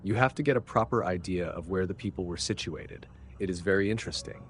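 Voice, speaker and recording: A man's voice: low voice, quick pace, natural voice. A man reads the part of an earnest, flustered male clerk who insists on being believed. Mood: insistent. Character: earnest, bewildered arrested bank clerk, a man.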